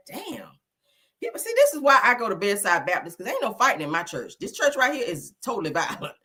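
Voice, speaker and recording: A man hosting a gossip commentary show, talking with dramatic exclamations and animated reactions. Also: high-pitched, quick pace, breathy edge.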